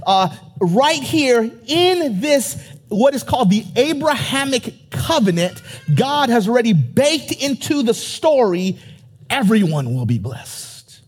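A male pastor preaching to his congregation in a church. His voice sits high and has a husky edge. He presses his points with emphasis and calls out for the crowd to answer. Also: sing-song, takes it slowly. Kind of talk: sermon.

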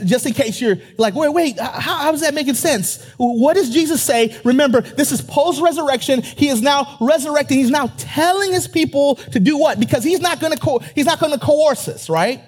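Man, pastor, sermon in church, high voice, husky tone, emphatic, calls to the congregation. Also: a little mellow.

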